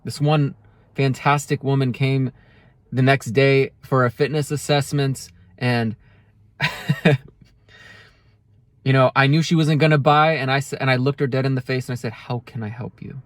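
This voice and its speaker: A man's voice: medium pitch, fairly even intonation, unhurried, pauses often, no room sound. A man speaking earnestly to camera in a heartfelt motivational monologue, often restarting his sentences. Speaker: self-help video creator.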